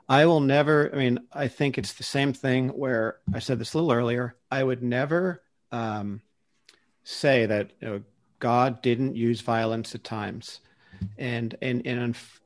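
A man speaking earnestly in a casual discussion, defending a Christian view and often restarting his sentences as he searches for words. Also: medium pitch.

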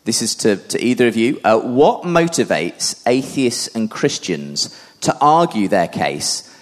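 A man moderating a live debate, courteous and halting, often stumbling over his words. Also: mid-range voice, sing-song.

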